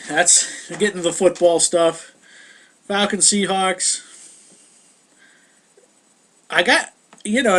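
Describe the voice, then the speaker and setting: A man's voice: a little high, a bit bright. A young man ranting in a casual, heated vlog monologue, sounding exasperated. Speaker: vlogger.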